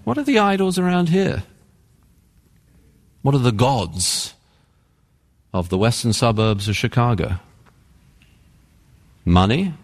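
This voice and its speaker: An earnest male pastor delivering a sermon with lively, swooping pitch and dramatic pauses. His voice rings out with a long reverb, as if recorded in a large church sanctuary. He presses his points emphatically, slowing down and speeding up.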